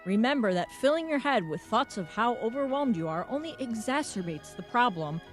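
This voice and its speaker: A woman co-hosting a sports radio show in a chatty, storytelling way. Her voice sits a bit high. Faint music plays behind her. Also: expressive, a little fast. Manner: chatty, relaying a listener's story. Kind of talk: radio talk show chat.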